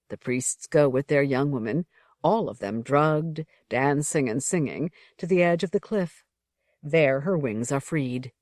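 A narrator reading a fantasy text aloud in a measured, unhurried way, pausing between short phrases. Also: mid-range voice, a little mellow, no room sound, studio quality.

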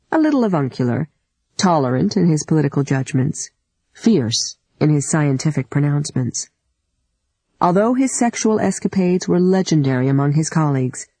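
An audiobook narrator giving a measured, deliberate literary reading. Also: mid-range voice, creaky, dark tone, husky, no echo, low-quality recording.

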